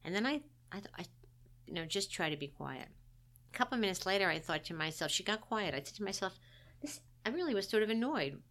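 A woman's voice: mid-range voice, sing-song, brisk, a bit bright. A middle-aged woman, a guest, recounting a personal story in a candid, wry, self-deprecating way.

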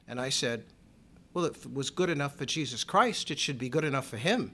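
Man telling a wry family story. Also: bright, forceful tone. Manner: measured, wry, acts out his mother's lines in raised pitch. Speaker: interviewee. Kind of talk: personal storytelling.

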